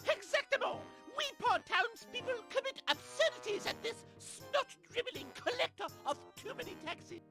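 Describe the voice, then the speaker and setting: An indignant, starving game peasant with a thick mock French accent. The voice is very high, bright and gravelly, and it swings widely in pitch. It sounds worked up and comic. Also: female voice, animated, normal speed, hardly any pauses, soft background music, heavily acted.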